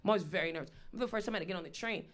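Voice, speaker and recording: A woman's voice: on the low side, rapid-fire. A woman in her thirties doing a stand-up comedy set, blunt, profane and conversational as she tells her stories. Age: 30s. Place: live stage venue.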